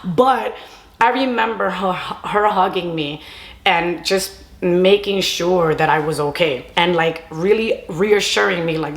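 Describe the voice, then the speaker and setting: A young woman tells a storytime to camera, chatty and loose, slipping Spanish phrases into her English. Her voice sits a little low for a woman. The room around her gives a noticeable echo. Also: measured pace. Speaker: storytime vlogger. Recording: roomy echo.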